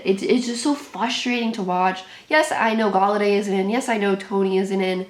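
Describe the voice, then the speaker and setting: A woman's voice: fairly high pitch, moderate pace, echoey room. Anxious young woman reacting to football. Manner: anxious, exclaims and repeats herself. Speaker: sports channel host reacting live. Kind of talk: live game reaction and commentary.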